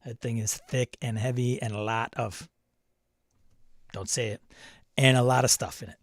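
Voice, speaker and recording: A man's voice: medium pitch, fairly even intonation, normal speed, no room sound. A man hosting a casual live stream about tabletop games, chatting loosely and reading out messages from chat. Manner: chatty, rambling, reads chat aloud. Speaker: host.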